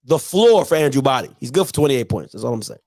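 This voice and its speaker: A man's voice: mid-range voice, very animated, quick pace, darkish tone, no echo. A man hosting a live call-in sports talk show, talking emphatically and repeating his points.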